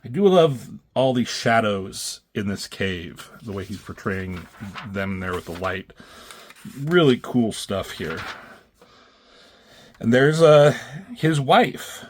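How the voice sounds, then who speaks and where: A man giving a loose, casual recap of comic book pages, swearing freely and pausing often with filler ums. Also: fairly low pitch, animated.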